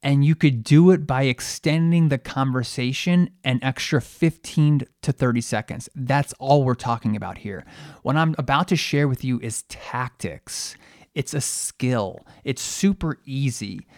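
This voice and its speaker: A man's voice: medium pitch, unhurried, a little mellow, no echo, studio quality. A man hosting a podcast, a periodontist giving a conversational coaching monologue to dental teams, asking rhetorical questions and poking fun at himself.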